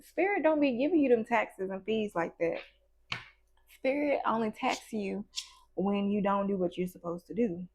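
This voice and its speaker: Chatty playful woman tarot reader. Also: medium pitch. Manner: chatty and playful, with slang and asides to spirit; acts out little quoted voices in between. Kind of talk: casual tarot reading.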